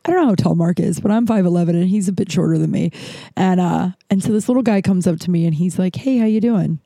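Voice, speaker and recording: Woman in her 40s, mellow gravelly voice, casual profane storyteller, dry close sound. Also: lowish voice, fast talker, no room sound. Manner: candid, profane, rambling with restarts.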